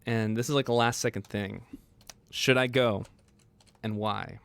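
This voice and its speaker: A young man hosting a casual livestream, excitable and laughing often as he chats with viewers. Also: lowish voice, unhurried, gravelly, clear, resonant tone. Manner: excitable, laughs often, quotes movie lines in funny voices. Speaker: livestream host.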